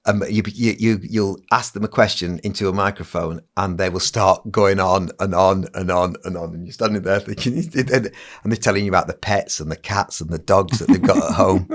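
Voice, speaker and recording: Animated older man telling stories. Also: sits low, moderate pace, few pauses. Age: 60s. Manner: animated storyteller who acts out other people's lines. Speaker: children's entertainer and magician, podcast guest. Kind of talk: casual anecdote telling on a podcast.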